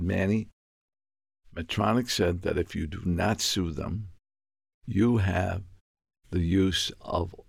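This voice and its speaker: An older man from Puerto Rico spins a long story in an interview. His voice sits low, gravelly and a little husky. He acts out every exchange, and his pitch jumps high when he gets worked up. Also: dry recording, studio quality. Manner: animated, acts out dialogue with sudden high-pitched outbursts. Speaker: guest.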